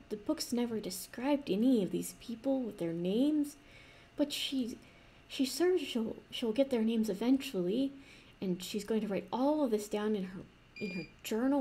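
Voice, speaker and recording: A woman improvising a fantasy story in a rambling, soft manner, with restarts and playful asides. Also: fairly high pitch, slight background noise.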